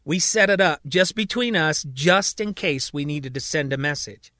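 A man's voice: a little high, animated, normal speed, sharp tone, no room sound, studio quality. A man voicing a male patient who insists he is the president, earnest and pleading.

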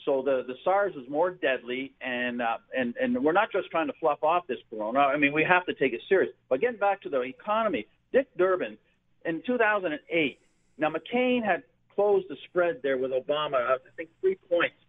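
A man's voice: fairly high pitch, expressive, moderate pace. A man from Canada calling in to a radio show, rambling and hesitant as he makes his points. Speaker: caller. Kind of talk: call-in phone conversation. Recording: tinny phone line.

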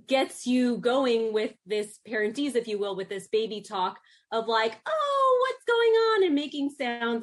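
A woman occupational therapist speaking as a guest in a news interview, talking in a warm, animated way about how she talks to her children. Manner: warm, animated, lifts into high sing-song baby talk when demonstrating.

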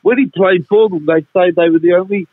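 A man's voice: high voice, breathy edge, no room sound. A man telling jokes and stories in radio banter, heard over a phone line. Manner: joking, drawn-out storytelling. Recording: tinny dry phone line.

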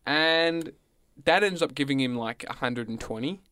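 A man's voice: medium pitch, moderate pace, bright, forceful tone, clean tone. A man co-hosting a radio show, telling a rambling story in casual chat. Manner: rambling storyteller, acts out quoted voices. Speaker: co-host.

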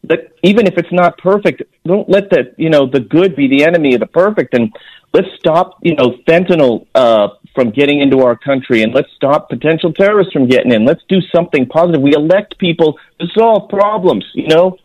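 A man's voice: fairly high pitch, expressive, brisk, a little mellow, no echo, poor audio. A man speaking as a guest on a radio interview, earnest and emphatic, restarting phrases as he argues his point. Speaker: guest, former intelligence officer.

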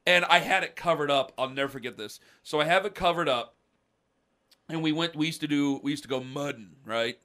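A man co-hosting a podcast, telling a story in a lively casual way and acting out the people in it. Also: fairly high pitch, brisk. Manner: animated, acts out voices of people in his story. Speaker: podcast co-host.

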